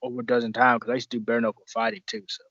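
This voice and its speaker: A man's voice: mid-range voice, expressive, rapid-fire, a bit bright, husky, dry recording. A man, a pro wrestler, telling stories as a podcast guest in a rambling, profane way, with a lot of restarts. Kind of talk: casual podcast storytelling. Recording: dull lo-fi dry sound.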